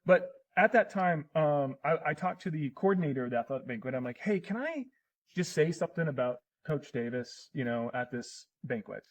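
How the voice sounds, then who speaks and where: A man's voice: mid-range voice, brisk, few pauses, rough recording. A middle-aged man in casual conversation as a podcast guest, telling personal stories in an earnest, emotional way.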